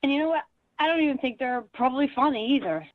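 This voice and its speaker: Woman, radio caller, indignant, defensive, lively pitch, dull dry line. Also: fast talker, no echo. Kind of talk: radio call-in chat.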